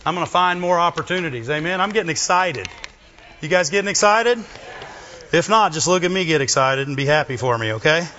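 A man preaching a sermon, animated, often asking the congregation for a response. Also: fairly high pitch, brisk. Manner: animated, asks the congregation questions. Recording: dull lo-fi recording.

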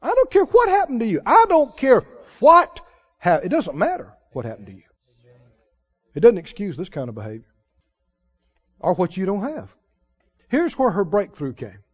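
A man preaching a sermon in an animated style, mimicking wailing prayers to make his point. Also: high voice, normal speed, pauses often. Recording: muffled lo-fi sermon recording.

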